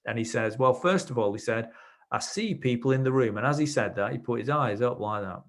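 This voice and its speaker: Man, gravelly voice, webinar presenter, chatty explanations, acts out client quotes. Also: medium pitch, brisk. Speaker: webinar presenter, NLP trainer. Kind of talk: explanatory webinar talk with anecdotes.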